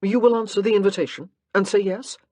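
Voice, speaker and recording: A woman's voice: medium pitch, fairly even intonation, quick pace, warm tone, dry recording, voice pushed up, natural voice. A woman voicing a protective young nobleman with a rueful, dryly humorous manner in an audiobook. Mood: wry. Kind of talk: audiobook character reading.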